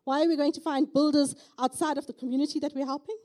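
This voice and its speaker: Woman, South African accent, middle-aged, church testimony, emphatic, mellow tone. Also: high voice, fairly even intonation, fast. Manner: emphatic, with repeated rhetorical "okay?" asides. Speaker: church speaker giving testimony. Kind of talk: preaching testimony.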